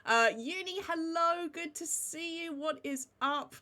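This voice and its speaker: A chatty woman talking casually on a live stream, her voice pitched high and bright. She greets her viewers one after another by name. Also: a little slow.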